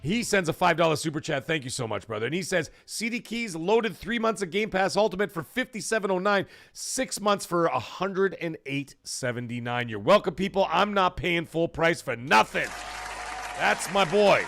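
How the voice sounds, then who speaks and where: A man hosting a live gaming talk show, chatting casually and thanking viewers from chat in a rambling, animated way. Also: a little high, normal speed, creaky, a faint crowd. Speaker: livestream talk show host.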